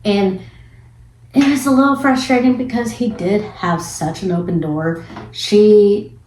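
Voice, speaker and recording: A woman giving a casual spoiler review of a film, retelling scenes in an animated, chatty way with some casual swearing. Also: medium pitch, unhurried, slight background noise. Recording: echoey room.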